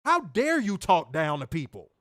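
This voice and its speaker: A man's voice: high-pitched, huge pitch swings, normal speed, fairly bright tone, no echo. Podcast co-host, male, angry profane rant, dry close sound. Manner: profane, fiery, repetitive rhetorical questions. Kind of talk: heated ranting commentary.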